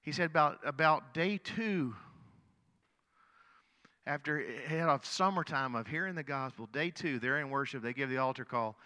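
A man's voice: medium pitch, normal speed, bright, forceful tone, in a large hall. A middle-aged male pastor telling a story in a sermon, earnest, often repeating words as he goes.

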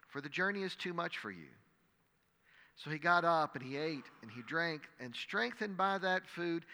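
A man preaching a sermon, reading scripture dramatically and crying out the quoted prayers loudly. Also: fairly high pitch, vocal fry. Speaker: pastor. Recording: long hall reverb.

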